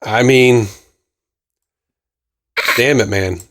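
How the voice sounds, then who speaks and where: A man's voice: mid-range voice, drawn-out words, a bit bright. A man co-hosting a podcast in casual chat, laid-back and jokey with a drawling delivery. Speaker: podcast co-host.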